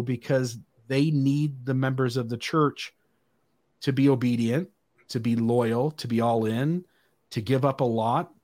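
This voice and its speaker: A man joins a conversational discussion and lays out his case with earnest emphasis. He builds his points in long, piling sentences, leaning on repetition to drive them home. His voice sits at an ordinary middle pitch for a man. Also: darkish tone.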